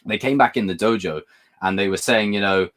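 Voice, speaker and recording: A man's voice: on the low side, fairly quick, fairly bright tone. A British man hosting a livestream, chatting casually and rambling between topics as he reads viewer comments. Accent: British English. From Britain. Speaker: livestream host.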